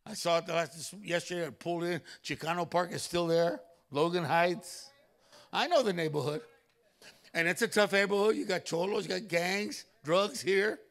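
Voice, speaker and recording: Gravelly, high-pitched preaching man. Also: normal speed. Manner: animated storytelling with loud exclamations. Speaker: pastor. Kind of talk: sermon. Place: church.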